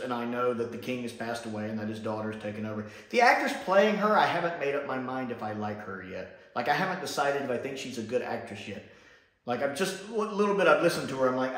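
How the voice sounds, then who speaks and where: A man's voice: mid-range voice, fairly bright tone. A man giving an enthusiastic, casual solo video review and laughing often. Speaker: TV show reviewer. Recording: very echoey room.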